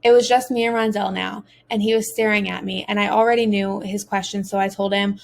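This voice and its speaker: A woman's voice: mid-range voice, little pitch movement, a little fast, vocal fry, hardly any pauses. A woman narrating a first-person audiobook as a teenage boy, earnest and emotional.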